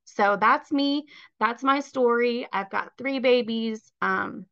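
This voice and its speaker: A woman's voice: fairly high pitch, slow, fairly bright tone, clear, resonant tone, no echo, dull audio. A woman in her thirties sharing her personal story as a guest on a call, candid and heartfelt, with plenty of fillers. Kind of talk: personal testimony.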